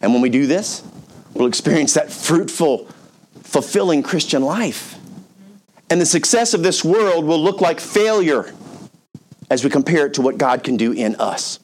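A man's voice: fairly high pitch, animated, normal speed, a little mellow, a little hiss or hum. A male pastor preaching a storytelling sermon in a conversational, emphatic way, with casual asides to his listeners.

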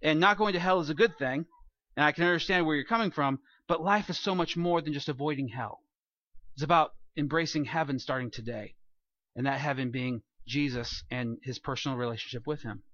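A man preaching a sermon as pastor, animated, asking rhetorical questions and acting out quoted voices. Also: on the high side, moderate pace, no echo, lo-fi sound.

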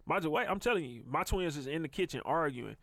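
A man in his thirties, co-hosting a casual podcast chat and telling animated stories about his kids. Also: fairly high pitch, brisk, slight background noise. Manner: animated storyteller, acts out his kids' voices.

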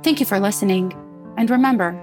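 A woman reads a podcast outro in a brisk, promotional way at a middle pitch. Instrumental music plays clearly behind her. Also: darkish tone. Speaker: podcast host. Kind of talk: scripted outro. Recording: voice over music bed.

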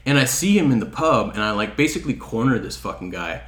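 A man's voice: on the low side, sing-song, quick pace, a bit bright, reverberant. A man from Chicago telling a story in casual chat, profane and heated, acting out what people said. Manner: profane, heated, acts out quotes.

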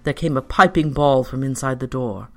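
Bright, expressive storyteller. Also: mid-range voice, faint music behind. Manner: measured, expressive first-person storytelling. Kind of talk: scripted narration of a story.

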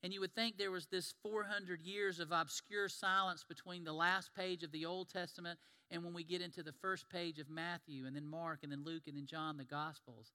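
A man's voice: on the high side, normal speed, clean tone. A man preaching a sermon, telling Bible stories and acting out the voices of the people in them. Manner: animated storytelling, acts out quoted biblical voices. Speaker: pastor. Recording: long reverb of a large hall.

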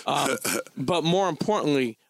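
A man's voice: a little high, animated, a little slow, gravelly, no room sound, studio quality. A man hosting a podcast interview, talking loosely and casually with slang and frequent restarts. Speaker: podcast host.

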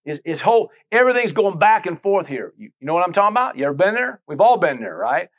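A man's voice: high-pitched, very animated, fast. Conversational male pastor preaching. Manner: conversational preaching with many asides and repetitions. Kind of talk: sermon.

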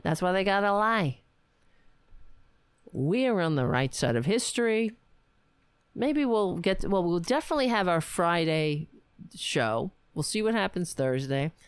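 Slow-talking woman hosting a casual livestream. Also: on the low side, clean tone, dry recording. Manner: chatty, wry, talks to her pets in a soft coaxing voice. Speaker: livestream host. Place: home. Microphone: home webcam mic.

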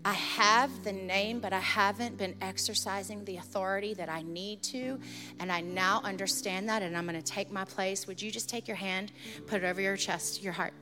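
Woman pastor preaching over soft music. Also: mid-range voice, steady tone, normal speed. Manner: storytelling, earnest and urgent, then softly intense in prayer. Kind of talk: sermon.

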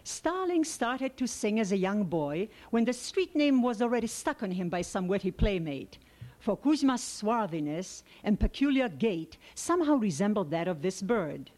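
A woman reading an excerpt from a translated novel aloud in a measured, steady way. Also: mid-range voice. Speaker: reader.

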